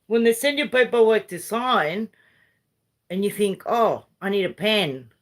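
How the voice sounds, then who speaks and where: An older woman with a Uruguayan Spanish accent, Spanish her first language, who rambles through a casual rant at an unhurried pace. She mixes Aussie slang and mild swearing into her chatty, drifting talk. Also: mid-range voice, expressive. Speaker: vlogger.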